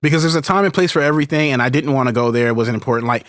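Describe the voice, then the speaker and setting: Speaking very fast in a mid-range, slightly bright voice, a male podcast co-host chats about being a parent in a dry recording. His talk rambles, full of restarts and side tangents.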